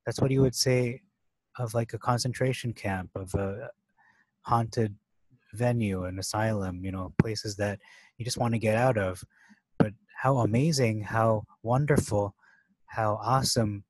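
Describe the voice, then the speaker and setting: A man's voice: on the low side, steady tone, measured pace, a little mellow, no room sound, poor audio. A man talking through a Bible passage in a loose, thinking-aloud way, with many fillers and restarts and stressed key words. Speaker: Bible teacher. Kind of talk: casual scripture study talk.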